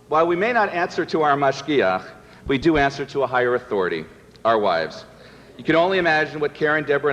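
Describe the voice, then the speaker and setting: A man's voice: mid-range voice, a bit bright, big-room sound, a little hiss or hum. A man giving a prepared thank-you speech at a banquet, reading it out with wry delivery. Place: banquet hall.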